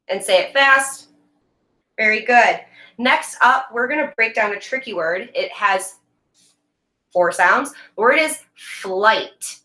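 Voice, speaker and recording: A woman teaching a reading lesson to young students in a recorded video, speaking slowly and clearly and praising them often. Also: a little high, bright, forceful tone. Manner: slow, clear, encouraging teacher talk with drawn-out words. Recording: echoey room.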